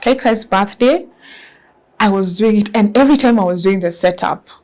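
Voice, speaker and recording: Expressive Kenyan woman telling her story. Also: medium pitch, normal speed. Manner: lively and expressive, mixes in Swahili words. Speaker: guest entrepreneur. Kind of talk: casual storytelling interview.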